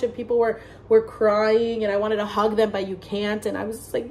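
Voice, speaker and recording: A woman's voice: fairly high pitch, a little fast, hardly any pauses, a little mellow, a little hiss or hum. A young woman telling a story to her own camera indoors near a window, chatty and profane, full of "like" and playful voiced quotes. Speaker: vlogger.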